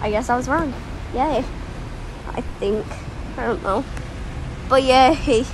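A woman giving casual commentary while playing a game, excitable and melodramatic, swinging from mumbling to yelling. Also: high voice, takes it slowly, noisy background. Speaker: gameplay commentator. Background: game music.

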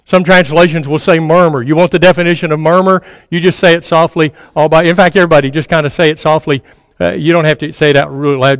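A man's voice: on the high side, fairly even intonation, quick pace, dry recording, studio quality, long reverb tail. A man preaching a sermon in a conversational way, repeating phrases for emphasis and sometimes dropping to a near-murmur. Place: church sanctuary.

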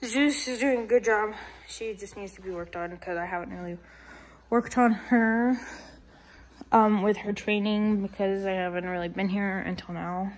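A woman's voice: medium pitch, steady tone, normal speed. Chatty woman vlogging at home. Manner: chatty and rambling, with many fillers. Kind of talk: casual home vlog chat.

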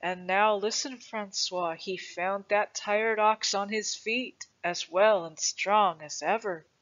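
A reader voicing an old grandfather who tells a legend to his grandson in a patient, gentle way. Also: medium pitch, steady tone, takes it slowly. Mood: reassuring. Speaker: storyteller. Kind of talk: storybook reading. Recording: dull lo-fi recording.

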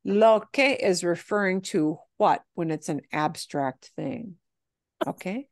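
A woman teaching a language class, explaining phrases patiently and modeling them slowly. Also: on the low side, dry recording, studio quality. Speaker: Spanish teacher.

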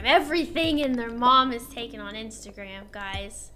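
A woman's voice: on the high side, steady tone, moderate pace, few pauses, pushed and bright. A young woman streaming a game, chatting casually and rambling as she thinks aloud, with many fillers and restarts. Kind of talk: casual chat while gaming. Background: game music.

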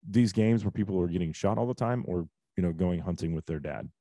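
A man's voice: deep voice, brisk, dark tone, no room sound. A man in his forties hosting a casual talk show, ranting bluntly with rhetorical questions. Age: 40s. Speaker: host. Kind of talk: casual podcast chat.

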